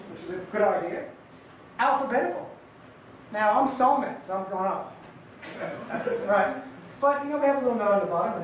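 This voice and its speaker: A man's voice: high voice, a little hiss or hum. Man, conference presenter, chatty academic talk, echoey lecture hall, mic far off. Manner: conversational and lively, with jokey asides. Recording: echoey hall, distant mic, dull sound.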